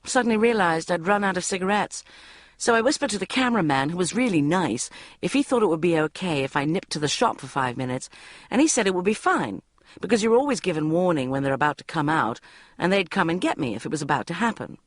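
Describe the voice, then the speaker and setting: A woman reads a comic diary audiobook in first person, animated and fast, her pitch swinging widely with wry, self-mocking expression. The recording is dry and close, with no room sound.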